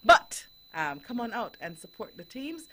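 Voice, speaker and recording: Woman radio host, bright and forceful, earnest and direct with parents, casual studio talk. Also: fairly high pitch, sing-song, a little slow, husky.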